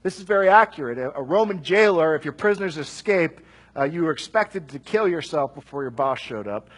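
Guy preaching, reads scripture then riffs casually, kinda breathy high voice. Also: poor audio. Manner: conversational, animated asides with quick jokes. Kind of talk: sermon reading and explaining scripture.

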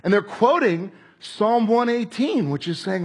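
Animated husky-voiced male preacher. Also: high voice, measured pace, hardly any pauses. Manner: animated, acts out crowd voices and shouts. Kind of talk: sermon.

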